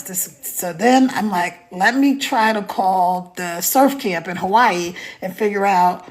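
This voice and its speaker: A woman's voice: mid-range voice, moderate pace, hardly any pauses. A woman hosting a live stream, chatting casually, telling a story with laughs and greeting viewers by name.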